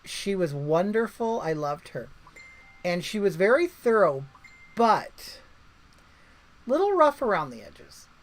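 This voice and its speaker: Woman livestream host, chatty and rambling, lively swooping voice, reads out viewer comments. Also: mid-range voice, takes it slowly, pauses often, low-quality recording. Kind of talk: casual livestream chat.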